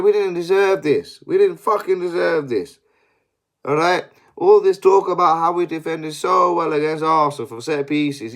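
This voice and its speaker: A young man giving a sweary, exasperated post-match analysis as a football fan. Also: high voice.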